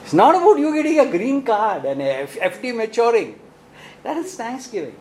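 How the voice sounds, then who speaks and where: Preaching with a very high voice at normal speed, this Indian English-accented man animatedly fires off rhetorical questions, often ending with "right?". Poor audio carries slight background noise.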